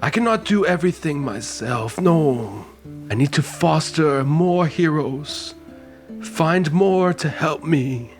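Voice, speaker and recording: A man voicing a weary, solemn old male wizard who speaks slowly and deliberately in a tabletop game. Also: a little high, lively intonation, faint music behind. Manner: slow, grave and deliberate.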